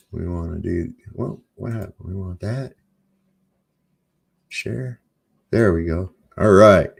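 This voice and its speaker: A man's voice: low voice, gravelly, darkish tone. A man hosting a livestream, talking in a casual, rambling and profane way, full of fillers. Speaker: livestream host.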